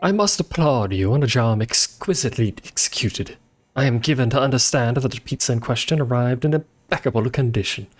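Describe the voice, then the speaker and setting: A man reading a thank-you note as a posh, formal gentleman, in an ornate and mannered way. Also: medium pitch, animated, fairly quick, close to an everyday voice.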